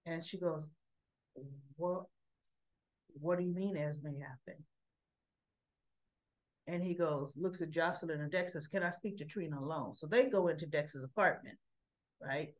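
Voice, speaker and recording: Slow-talking woman recapping a soap. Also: muffled recording. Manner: chatty, acts out quotes with rising pitch. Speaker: soap opera recap vlogger. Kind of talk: casual retelling of a soap episode.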